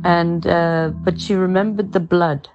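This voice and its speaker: A woman's voice: fairly low pitch, steady tone, a little slow, darkish tone. Earnest woman preaching, dull lo-fi sound. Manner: conversational, earnest, with everyday examples. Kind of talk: informal sermon. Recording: dull lo-fi sound with faint music.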